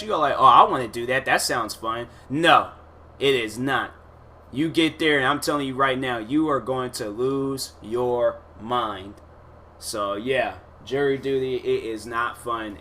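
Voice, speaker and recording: Animated, exasperated male podcast host. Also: medium pitch, a little hiss or hum. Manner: animated, exasperated retelling with quoted asides; casual slangy speech with many fillers. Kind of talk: casual storytelling monologue.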